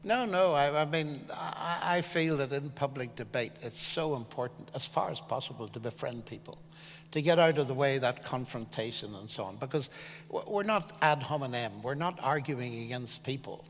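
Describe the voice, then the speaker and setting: An older man from Ireland, a guest speaker answering questions on stage in an earnest, measured, emphatic way. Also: mid-range voice, in a large hall, slight background noise. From Northern Ireland. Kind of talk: public discussion on stage.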